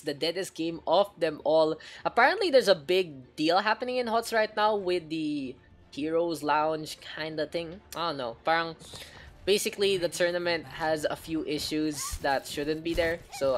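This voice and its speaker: A woman with a fairly low voice casts an esports match live. She rattles off fast, excited play-by-play, then eases into easygoing banter with her chat. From Philippines. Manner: rapid excited calls that drop into relaxed chatter with the viewers. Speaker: esports caster.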